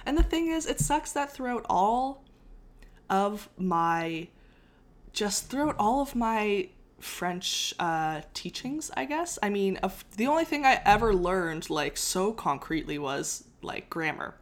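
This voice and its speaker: Very animated and a little slow, a young woman with a mid-range voice recounts a history story in a casual chat, laughing frequently and breaking off to start her sentences again.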